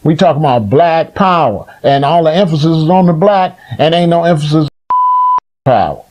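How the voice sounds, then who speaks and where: A man lectures his listeners in a fiery, preaching rant. His voice sits a little higher than most men's and climbs into loud, near-shouted rhetorical questions. His talk is blunt and profane and keeps hammering the same phrases. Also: lively intonation, fairly quick. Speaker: community elder speaking on a livestream.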